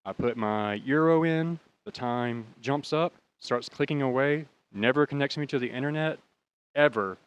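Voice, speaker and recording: American guy in his 30s rambling thru a story, swears a lot, laughs at his own bad luck, medium pitch. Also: moderate pace, clean tone, no echo. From United States. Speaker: podcast host. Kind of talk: casual storytelling.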